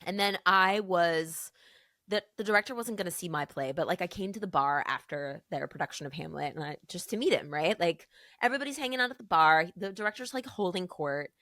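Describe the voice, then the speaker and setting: Speaking a little fast in a lowish voice, this woman co-hosts a podcast and spins a casual story, performing each person's quoted lines in character. Studio-quality audio, with no echo.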